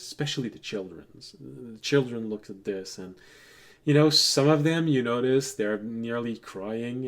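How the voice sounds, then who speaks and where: A man running a tabletop game as game master, relaxed and digressive, laughing often as he tells stories. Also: fairly low pitch.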